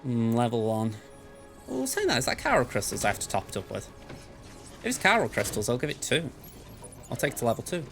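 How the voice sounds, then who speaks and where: A man's voice: mid-range voice, very animated, brisk, pauses often, a bit bright, soft background music. A man hosting a let's play, giving chatty gameplay commentary and thinking aloud in a playful way. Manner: playful, self-described goofball.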